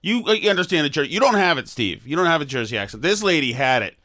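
Male podcast host, joking and self-mocking, voice jumps around a lot in pitch. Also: big pitch swings, racing, bright, forceful tone. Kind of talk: casual banter.

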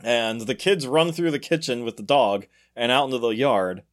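A man's voice: mid-range voice, moderate pace. A man with an ordinary mid-range voice hosts a casual podcast chat. He tells the story in a loose, conversational way, laughing often and leaning into the quoted bits. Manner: laughs often, animated retelling with acted quotes. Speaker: podcast host.

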